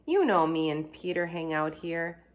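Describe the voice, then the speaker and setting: A woman voicing an easygoing schoolboy in a read-aloud storybook, in a casual, relaxed way. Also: sits low, normal speed.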